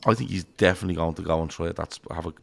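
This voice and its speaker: Irish male podcast host, low gravelly voice, rambling, sweary, chatty football talk. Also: rapid-fire, fairly bright tone. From Ireland. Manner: rambling, swears freely, acts out quotes. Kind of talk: casual football chat.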